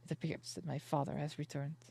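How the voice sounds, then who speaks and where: A young woman streamer reading a story game aloud, steady in the narration and breaking into excited outbursts. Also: sits low, quick pace, creaky, husky. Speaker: virtual streamer. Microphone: streaming mic. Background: soft game music.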